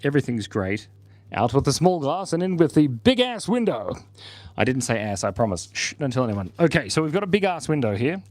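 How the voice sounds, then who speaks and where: A man's voice: medium pitch, very animated, brisk, a little mellow, dry recording. A man hosting a casual livestream, drawing while he reads out viewers' chat messages, joking and laughing as he goes.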